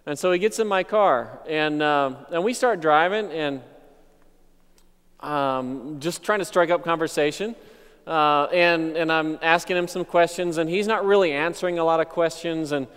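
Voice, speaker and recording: Male pastor, fairly high and smooth, unhurried testimony storytelling, long hall reverb. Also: fairly bright tone. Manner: conversational, unhurried, reflective. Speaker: missionary pastor.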